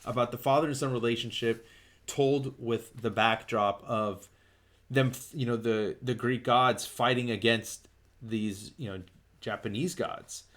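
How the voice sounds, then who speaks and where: A man hosting a comic book show talks through a story in a relaxed, chatty way. His pitch sits in the middle of the usual male range. He gets openly excited, piles up fillers and restarts, and keeps the retelling loose and unscripted. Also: unhurried. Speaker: comic book podcast host. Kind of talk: casual comic book recap.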